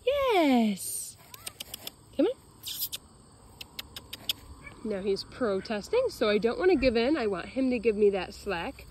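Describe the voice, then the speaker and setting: A woman dog trainer explaining leash walking while praising her dog in a bright, high voice outdoors. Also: big pitch swings, fairly quick, slight background noise. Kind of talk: narrating a leash-training demo.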